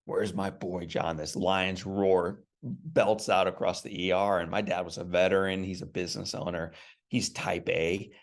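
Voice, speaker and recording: A man's voice: low voice, flat delivery, normal speed. An earnest middle-aged man telling an emphatic personal story as a guest in an interview.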